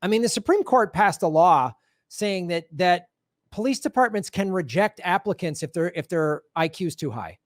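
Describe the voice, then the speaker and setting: A man's voice: high voice, animated, moderate pace, no room sound, studio quality. A man co-hosting a comedic podcast, riffing in angry, sarcastic rants. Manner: ranting, angry sarcastic riffs. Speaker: podcast co-host. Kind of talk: casual comedic chat.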